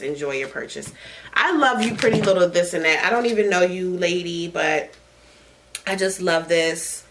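A woman hosting a casual podcast chat, gushing with excitement and swearing freely. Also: lowish voice, rough recording. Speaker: podcast host.

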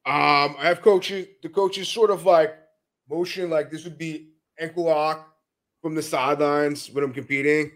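A man talking as a guest in a casual podcast interview, telling animated stories and often laughing as he goes. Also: on the high side, a little slow. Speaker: podcast guest, jiu-jitsu brown belt.

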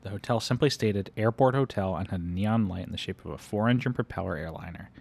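A man reading a first-person story aloud at a brisk clip. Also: sits low, gravelly, a little mellow, breathy edge. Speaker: audiobook reader.

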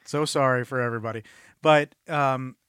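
A man trading jokes in a casual podcast chat, his pitch in the ordinary middle range. He is sardonic and swears offhandedly as he recaps. His voice sounds close and dry. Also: steady tone, moderate pace, fairly bright tone, smooth, dry recording. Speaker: podcast co-host.

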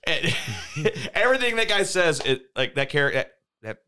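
Rambling man with a bright voice. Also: on the high side, sing-song, moderate pace. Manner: rambling, hesitant, laughing. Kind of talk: casual chat.

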